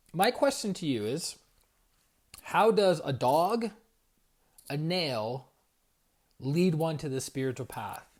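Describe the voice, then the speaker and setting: A man in his forties hosting a casual evening livestream as a spiritual coach, telling stories in a rambling, lively way and greeting viewers by name. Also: mid-range voice. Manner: animated storyteller, rambling with restarts and viewer shout-outs. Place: home at night.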